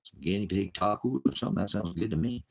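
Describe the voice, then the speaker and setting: A middle-aged man rambling on a live stream, frustrated and profane, swinging from angry outbursts to low, weary muttering. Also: animated, fast talker, gravelly.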